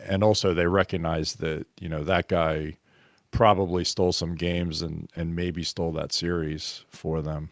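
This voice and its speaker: A man's voice: low-pitched, flat delivery, normal speed, dry recording, clean studio sound. A man co-hosting a podcast, chatting about hockey in a rambling, easygoing way and laughing easily. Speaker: podcast co-host. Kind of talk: casual sports chat.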